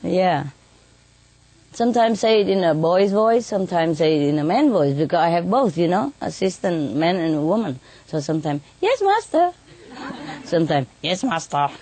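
A woman's voice: on the low side, mellow. A woman telling stories about her birds in a casual interview, chatty, laughing often and tagging lines with "you know". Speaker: bird keeper telling stories.

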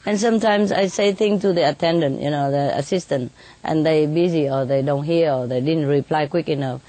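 Woman with a slightly low voice telling stories about her birds, chatty and quick to laugh. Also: warm tone, no room sound. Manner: chatty, laughs often, many "you know" tags. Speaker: bird keeper telling stories. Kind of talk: casual storytelling in an interview.

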